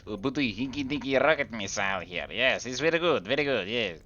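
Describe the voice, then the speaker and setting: A man's voice: medium pitch, animated, a little fast, bright, forceful tone, highs cut off, pitched above the performer's own voice. A man putting on a goofy, sing-song voice as a silly figure gushing over a toy rocket.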